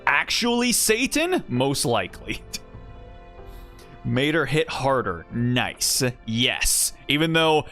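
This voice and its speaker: A man's voice: medium pitch, sing-song, slow pace, bright, forceful tone, faint music behind. A man streaming a game. He rambles casually, swears freely and often breaks off his own sentences. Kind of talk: casual gaming stream commentary.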